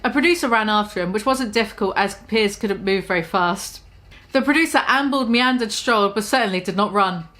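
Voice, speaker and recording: A woman reads her own comic story aloud at a middle pitch, in an easy, casual delivery. She trips over words now and then and mocks her own writing as she goes. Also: a little fast, a bit bright. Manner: stumbling, self-deprecating, laughs at her own writing.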